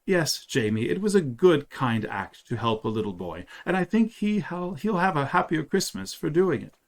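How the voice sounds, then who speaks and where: A man reading aloud as a gentle, weary mother, tender and sighing as she talks to her little boy. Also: on the high side, big pitch swings, normal speed, vocal fry, pitched above the performer's own voice.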